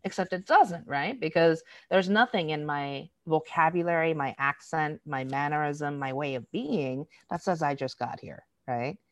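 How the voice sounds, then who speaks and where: With a low voice at a moderate pace and few pauses, this American woman speaks as an interview guest and diversity educator, with no room sound audible. Her explanations are casual and conversational, enlivened by acted-out everyday exchanges and plenty of "um"s and "right?"s.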